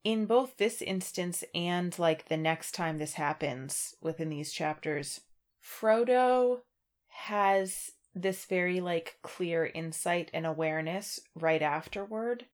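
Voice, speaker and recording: A woman's voice: on the low side, takes it slowly. A woman co-hosting a casual book discussion podcast, chatting and reading passages aloud. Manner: conversational, reads passages aloud in an even voice. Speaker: podcast co-host.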